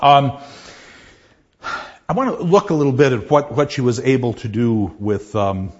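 A man giving a classroom lecture on poetry, enthusiastic and halting, with many restarts. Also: medium pitch, highs cut off. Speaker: literature lecturer.

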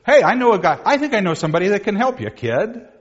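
A man's voice: sits high, big pitch swings, fast, long reverb tail, voice pushed up. A man voicing a streetwise male friend who talks in a breezy, wisecracking way. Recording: dull lo-fi recording.

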